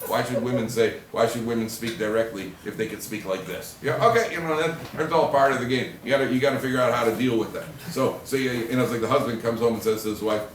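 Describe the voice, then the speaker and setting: A man giving an animated Torah class as a rabbi, joking and acting out quoted husbands and wives. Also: medium pitch, recorded from a distance, slight background noise. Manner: animated storytelling, acts out quoted husbands and wives, jokey asides. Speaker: rabbi lecturer. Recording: echoey room recorded from afar, faint ambience.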